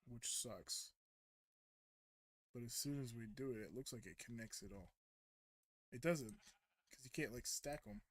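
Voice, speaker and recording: A man's voice: medium pitch, measured pace, pauses often. A young man casually commenting while he plays a game, rambling and often correcting himself mid-sentence. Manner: rambling, hesitant, self-correcting. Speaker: streamer.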